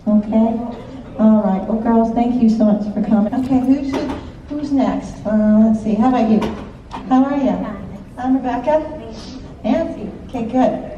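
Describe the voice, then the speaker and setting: Recorded on an audience member's phone from the seats of a large hall, a psychic medium gives live stage readings, sounding distant, echoey, muffled and faintly noisy. Her voice is on the high side, mellow and a little slow. She chats with the crowd, laughs often and checks in with short questions.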